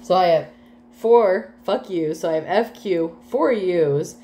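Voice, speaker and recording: A woman's voice: on the low side, takes it slowly, warm tone. A woman doing a casual tarot reading, laughing often and swearing freely as she talks. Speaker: tarot reader. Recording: echoey room with faint background noise.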